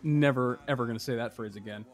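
A man's voice: mid-range voice, quick pace. Rambling young man recapping a film. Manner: rambling and animated, with frequent fillers and laughter. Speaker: podcast host. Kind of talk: casual movie recap.

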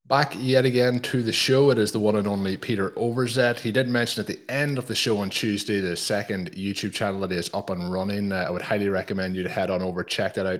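A man hosts a podcast in a relaxed, chatty way, dropping fillers as he plugs the show and welcomes guests. His voice sits low for a man. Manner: chatty, promotional, frequent fillers. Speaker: podcast host. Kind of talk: casual podcast chat.

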